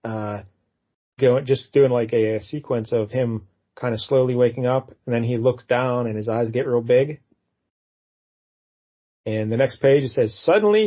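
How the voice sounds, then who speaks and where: A man co-hosting a casual comic book review podcast, talking in a relaxed, rambling way and acting out lines from the pages. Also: mid-range voice. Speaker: podcast co-host. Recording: dull lo-fi podcast audio.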